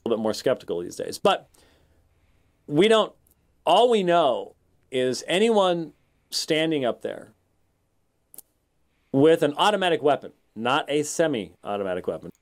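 Halting male commentator with long pauses. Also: on the high side, very animated, no echo, studio quality. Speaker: commentator in a played clip.

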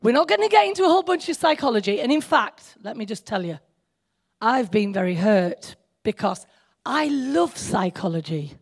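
A woman's voice: on the high side, very animated, moderate pace, slightly rough. A woman giving an informal, chatty sermon, joking with her listeners and teasing herself. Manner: chatty, joking, self-deprecating, speaks to the audience directly. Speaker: speaker at a church meeting.

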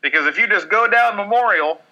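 A man's voice: high-pitched, lively intonation, fairly quick, pushed and bright, highs cut off. A man hosting casual sports talk on the radio, loose and joking, swearing with lots of fillers.

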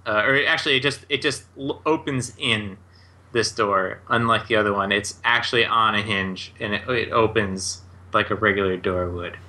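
A man's voice: lowish voice, normal speed, sharp tone. A man narrating a tabletop game as game master, loose and full of fillers.

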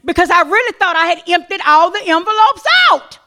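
A middle-aged woman minister giving a testimony sermon at a seminar, telling her story with animation and breaking into shouted praise. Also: extremely high pitch, brisk.

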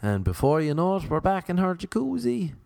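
Gravelly Irish man telling a rambling story. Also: high-pitched, fairly quick, dry recording, clean studio sound. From Ireland. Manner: self-mocking, lively storytelling with quoted voices. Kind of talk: casual rambling anecdote.

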